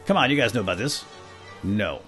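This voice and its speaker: A man's voice: on the low side, lively intonation, a little fast, a bit bright, husky. A man role-playing a bumbling, self-important knight who chatters at his animal companions in a playful, comic manner. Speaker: role-play gamer narrating in character. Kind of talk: comedic in-character role-play. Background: faint background music.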